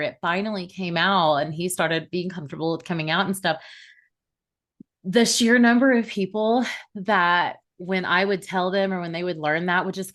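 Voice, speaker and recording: A woman in her forties, a podcast guest, telling a personal story in an animated way and laughing often. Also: medium pitch. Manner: animated, laughs often, acts out quoted voices.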